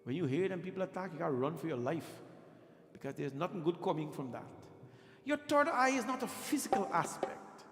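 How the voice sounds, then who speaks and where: A man's voice: a little high, lively intonation, brisk. A man speaking as a pandit, teaching a sermon and coaching Sanskrit pronunciation while teasing his congregation. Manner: playful, quizzes and teases the congregation. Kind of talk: temple sermon with teaching and chanting. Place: temple hall. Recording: echoey hall with music behind.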